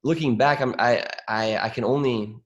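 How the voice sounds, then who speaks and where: A man's voice: mid-range voice, moderate pace, lo-fi sound. A man moderating a group conversation on a video call, speaking in a reflective, hesitant way with many fillers. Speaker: discussion moderator.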